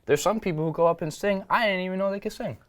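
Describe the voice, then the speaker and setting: A man's voice: high voice, fast, no room sound. A teenage boy chatting as a guest on a school broadcast, upbeat and rambling, talking with his mouth full. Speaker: student guest, upcoming event host. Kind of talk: casual chat interview.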